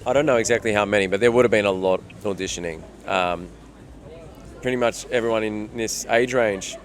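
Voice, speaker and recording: A man's voice: lowish voice, fairly quick. A man with an Australian accent, an actor answering interview questions in a reflective way, thinking aloud with fillers.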